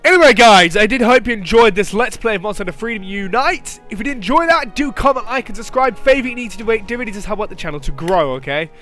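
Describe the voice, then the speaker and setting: A man's voice: high voice, expressive, fast, hardly any pauses, a bit bright, faint music behind. A man doing gameplay commentary, frustrated and exclaiming at the game. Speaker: gaming commentator.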